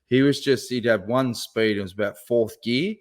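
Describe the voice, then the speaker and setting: A man's voice: medium pitch, moderate pace. An Australian man, a podcast co-host, telling anecdotes in casual chat and quoting people as he goes. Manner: anecdotal storyteller, quotes people.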